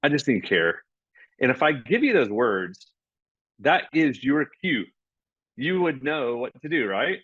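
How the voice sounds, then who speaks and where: A man speaking as a podcast guest, explaining ideas in a conversational way and acting out bits of dialogue with lively energy. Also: medium pitch, unhurried, slightly rough, no echo, dull audio. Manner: animated, acts out dialogue.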